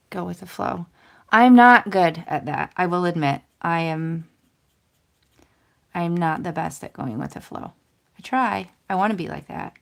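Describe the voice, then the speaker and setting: A woman's voice: fairly low pitch, vocal fry, noisy background. A woman in her thirties hosting a casual crafting livestream, chatting to viewers in a self-deprecating, rambling way. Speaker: crafting channel host. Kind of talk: casual livestream chat while stamping and coloring.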